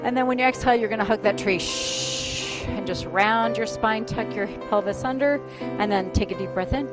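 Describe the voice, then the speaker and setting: A woman in her fifties, mid-pitched, talks a group through a stretching class with easy breathing cues. She is chatty and encouraging and laughs often between moves. Music plays clearly in the background. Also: brisk. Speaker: fitness instructor. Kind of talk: gentle exercise class instruction mixed with casual chat. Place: dining room used for a group exercise class. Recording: clear music playing behind.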